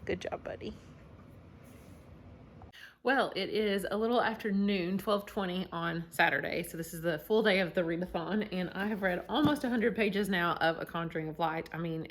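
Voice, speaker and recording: A woman's voice: on the low side, fairly quick, few pauses. Tired, chatty young woman book vlogger. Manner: chatty, self-deprecating, laughs lightly. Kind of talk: casual chat to camera.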